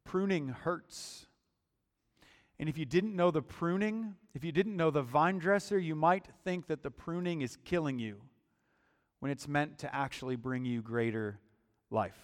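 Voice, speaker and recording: A man preaching a sermon in a deliberate, emphatic style, often repeating words as he builds his point. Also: on the high side. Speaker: pastor. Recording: long hall reverb.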